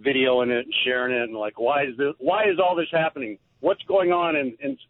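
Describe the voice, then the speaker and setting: A man calling in as a regular on a radio show, chatting casually and rambling through quick asides. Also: medium pitch, expressive, gravelly, dry recording. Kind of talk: casual talk radio chat. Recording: tinny phone line with faint noise.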